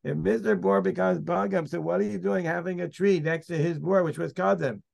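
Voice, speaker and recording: Gravelly, somewhat high-voiced man as Talmud teacher, emphatic, hammers his point home. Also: fairly even intonation, fairly quick, darkish tone. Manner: emphatic, argues by restating points. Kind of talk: Talmud study discussion.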